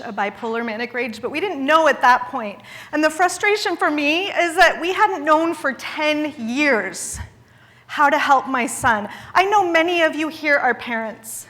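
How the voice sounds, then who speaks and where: Woman in her forties, bright and high-pitched, candid and wry, speaking in a reverberant hall. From Idaho, USA. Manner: earnest and candid, with wry self-deprecating humor. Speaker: guest speaker at a charity gala. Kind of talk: public speech. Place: large event hall.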